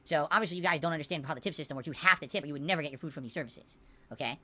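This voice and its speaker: A woman with a deep, sharp voice rants rapid-fire on a podcast livestream from her room at home. Casual and exasperated, she answers viewers in the chat.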